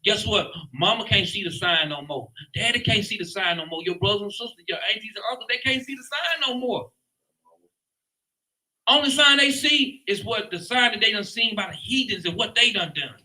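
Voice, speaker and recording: A man's voice: sits high, normal speed, pushed and bright, poor audio. A man leading a Bible class in an emphatic preaching style, often asking "guess what" and ending lines with "man". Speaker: lead teacher.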